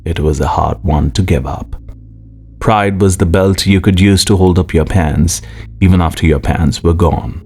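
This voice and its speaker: A man narrating an audiobook in a measured, expressive way. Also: sits low, slight background noise. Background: faint music.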